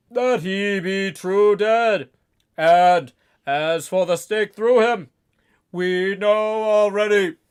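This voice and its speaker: A streamer voicing Van Helsing, an elderly male vampire-hunting professor, with slow, booming, stilted old-fashioned speech in a dramatic reading. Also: clear, resonant tone, close to an everyday voice.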